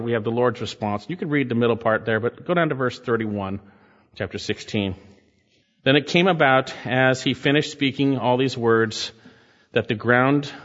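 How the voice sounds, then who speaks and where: A man's voice: mid-range voice, a bit bright. A male pastor preaching a sermon, reading scripture aloud and breaking off to comment and exhort his congregation. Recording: muffled sound in a reverberant hall.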